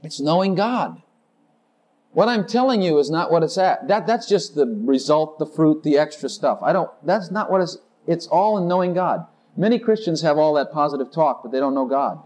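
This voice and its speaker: A male preacher delivering a sermon with bubbling, exuberant energy. His voice sits high and leaps wildly up and down as he piles on rapid declarations, now and then slipping into a sung line or a laugh. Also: animated, darkish tone.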